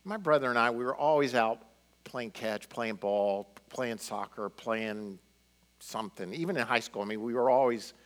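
A man's voice: medium pitch, moderate pace. Een man die losjes een preek vertelt. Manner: conversational, animated storytelling with many fillers. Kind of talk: sermon storytelling.

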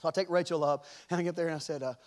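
A middle-aged male pastor preaching a sermon, telling a family story with chuckles and animated delivery. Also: on the high side, very fast.

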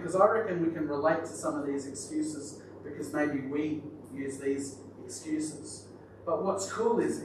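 High-voiced male pastor, casual joking sermon, very echoey distant hall recording with noise. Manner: chatty, joking aside to the congregation. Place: church hall.

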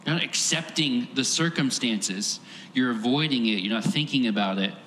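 A man's voice: medium pitch, normal speed, a bit bright. A male pastor delivers a sermon in an earnest, emphatic way, building on repeated phrases. His mid-range voice rings through a roomy church hall with a long reverb. A faint hum of the room sits behind him.

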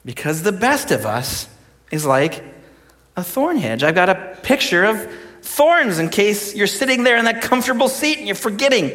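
A man's voice: sits high, normal speed. A young adult male pastor preaching a sermon, joking and acting out quotes as he tells stories. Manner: animated storyteller, jokey, acts out quotes. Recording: long hall reverb.

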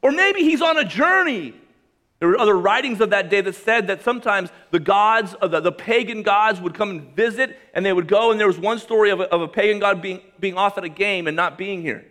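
High-voiced male preacher, animated delivery. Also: a little fast, few pauses. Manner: reads scripture aloud, then comments with humor and emphasis; swings between loud raised lines and quiet low drops. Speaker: pastor. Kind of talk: sermon.

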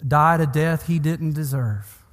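A man's voice: a little high, measured pace. A man preaching a sermon in an earnest, pastoral way, building emphasis through repeated phrases. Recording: long hall reverb.

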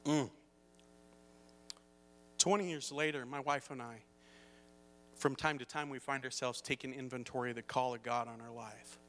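A man's voice: medium pitch, steady tone, moderate pace, long pauses, fairly bright tone, slight background noise. A middle-aged man preaching a sermon as pastor, telling a personal story and building to emphatic points. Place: church hall. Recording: long hall reverb.

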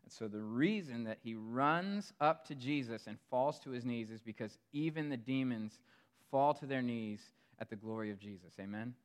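A pastor preaching a sermon in a storytelling manner, swinging between hushed asides and emphatic, louder passages. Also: male voice, medium pitch, moderate pace, clean tone.

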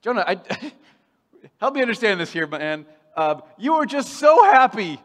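A man preaching a sermon in a playful, animated way, swinging from loud bursts to hushed asides. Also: high-pitched, measured pace, big-room sound.

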